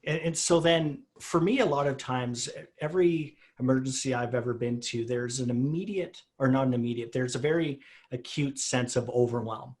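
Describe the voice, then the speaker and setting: A male host interviews his guest in a relaxed, conversational manner. His questions wander and qualify themselves before landing. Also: mid-range voice, normal speed, hardly any pauses.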